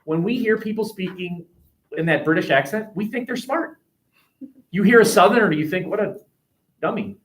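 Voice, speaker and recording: A man's voice: sits high, moderate pace, fairly bright tone. A man with an American accent teaching a history class, talking in a chatty, digressive way with many restarts. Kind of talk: classroom discussion. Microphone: webcam.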